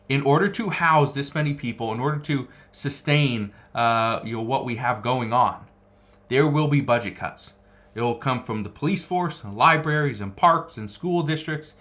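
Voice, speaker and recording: A man's voice: a little high, a bit bright. A man giving political news commentary, reading out articles and stressing his points by repeating phrases. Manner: emphatic, repeats key phrases.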